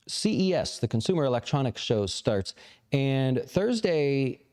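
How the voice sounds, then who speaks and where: A man hosting a casual livestream, answering viewer questions in a relaxed, rambling way with lots of fillers. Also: mid-range voice, unhurried. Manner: relaxed, rambling, thinks aloud with many fillers. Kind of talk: casual live chat about investing.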